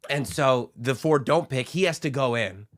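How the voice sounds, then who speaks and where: A male podcast co-host in casual chat, retelling a story with energy and slipping into voices for the people in it. His voice sits at an everyday middle pitch. The sound is dry and close, with no room around it. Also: normal speed, dry recording. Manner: animated storyteller acting out the people he describes.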